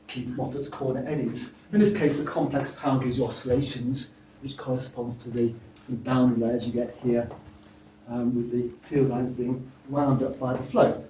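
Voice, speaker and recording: A man giving an academic seminar talk, halting, with frequent restarts and fillers. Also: mid-range voice, warm tone. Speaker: lecturer at a symposium. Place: seminar room. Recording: roomy, distant mic, faint hiss.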